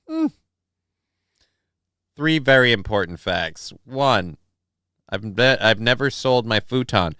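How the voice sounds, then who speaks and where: A young man rants sarcastically through a live chat show, swearing freely. His voice is smooth and clear, and it sits dry and close on the mic. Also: medium pitch, sing-song, slow, pauses often, bright, forceful tone, dry recording. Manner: profane, sarcastic, ranting. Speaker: livestream host reading chat. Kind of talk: crude casual streamer chat.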